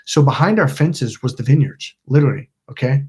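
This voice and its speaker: A middle-aged man from Napa, California, hosts a casual storytelling livestream on his channel, spinning a rambling tale full of swearing and acted-out quotes. His mid-range voice is expressive, brisk and slightly rough, with a darkish tone.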